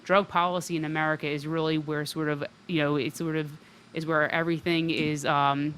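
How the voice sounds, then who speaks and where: A woman's voice: low-pitched, little pitch movement, fairly quick, a bit bright. A woman guest on a talk radio interview, telling her story in a loose, conversational way. She peppers her sentences with "like" and "um" and keeps the talk flowing. A faint hiss sits under her voice. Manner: chatty, fills speech with "like" and "um". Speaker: radio show guest, recovery advocate.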